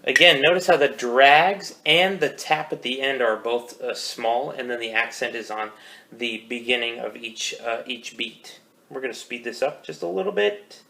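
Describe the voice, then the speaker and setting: A man's voice: medium pitch, moderate pace, creaky. A man teaching drum rudiments, counting beats aloud in a casual, self-correcting way. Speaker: percussion teacher. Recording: loud background noise.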